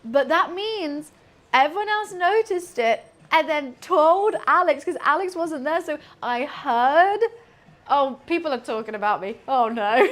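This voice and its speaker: A young British woman streaming from her kitchen while she cooks, telling rambling, excitable stories and laughing often. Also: sits high, a little slow. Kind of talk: casual chat while cooking on a livestream.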